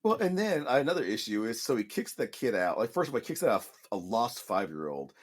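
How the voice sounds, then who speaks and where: Casting note: male co-host, lively swinging pitch, chatty and amused. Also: fairly quick. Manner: animated, laughs often, mocks characters with quoted lines. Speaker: podcast co-host. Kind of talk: casual chat.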